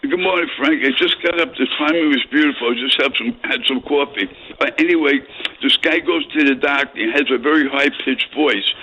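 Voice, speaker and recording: A man calling into a radio show and telling a long joke in a relaxed, rambling way. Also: mid-range voice, brisk, slightly rough. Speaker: caller. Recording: muffled phone-in with faint hiss.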